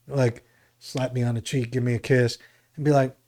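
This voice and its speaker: A man's voice: mid-range voice, steady tone, a little fast, darkish tone. Podcast co-host, man from New Jersey, loose rambling storyteller who acts out quotes. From New Jersey, USA. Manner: rambling storyteller, acts out other people's lines. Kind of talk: casual storytelling chat.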